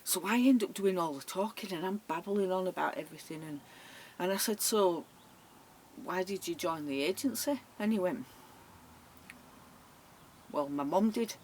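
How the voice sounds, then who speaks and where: A woman's voice: fairly low pitch, moderate pace, pauses often, a little mellow, slight background noise. Chatty woman telling stories. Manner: chatty, laughing, acts out voices. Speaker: vlogger. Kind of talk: casual storytelling.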